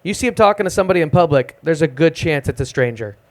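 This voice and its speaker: Young guy doing dry self-deprecating standup at an open mic, kinda high voice, live club mic. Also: quick pace. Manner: deadpan, self-deprecating delivery. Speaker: stand-up comedian. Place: small live music club stage.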